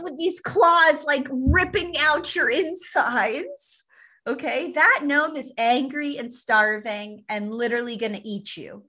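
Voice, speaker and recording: A woman with a bright, slightly high voice, talking through ideas in an animated way. She leans on playful comparisons and checks in with her listener often. It sounds like a relaxed podcast conversation. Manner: animated, explanatory, playful analogies. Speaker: podcast co-host, nutrition expert. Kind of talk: casual podcast chat.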